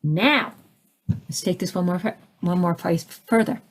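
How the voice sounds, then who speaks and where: A woman speaks slowly while leading a live spiritual teaching session. She takes questions from the audience and adds conversational asides, imitating the people she talks about with large swings in pitch.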